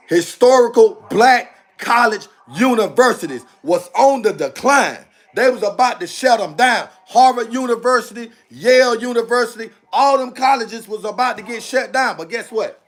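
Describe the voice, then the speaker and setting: Man, high-pitched voice, heated livestream rant, repetitive, phone or webcam mic. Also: expressive, moderate pace. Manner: heated, repetitive, addresses viewers as bro. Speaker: livestream host.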